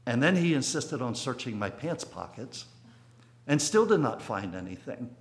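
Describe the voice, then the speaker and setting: A man's voice: medium pitch, very animated, normal speed. A man in his sixties giving a sermon, telling a personal childhood story in a reflective way, with sudden bursts of emphasis. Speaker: preacher.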